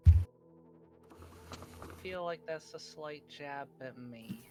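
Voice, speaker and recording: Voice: medium pitch, slow pace, music in the background. Playful player in a tabletop game. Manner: playful, laughs often. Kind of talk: in-character tabletop role-play.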